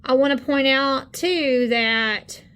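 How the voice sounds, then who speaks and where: A woman, co-hosting a channel, talking indignantly and haltingly in casual commentary on videos. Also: high-pitched, a bit bright, smooth. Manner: indignant, halting with many fillers. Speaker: channel co-host. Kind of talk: casual commentary on screen content.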